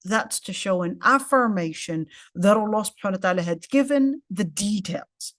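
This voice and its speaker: A woman's voice: medium pitch, expressive, normal speed, few pauses, dry recording, clean studio sound. A woman teaching a casual lecture in English with Arabic terms mixed in, explaining step by step and often checking in with "okay?". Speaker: Quran tafseer teacher.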